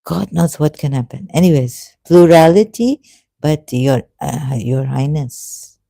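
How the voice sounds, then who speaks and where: Guy, halting and earnest, dark mellow tone, dry sound. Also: on the high side, expressive, vocal fry, no room sound. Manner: halting, many restarts and fillers, earnest and pleading. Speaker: religious video commentator. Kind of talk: emotional monologue to camera.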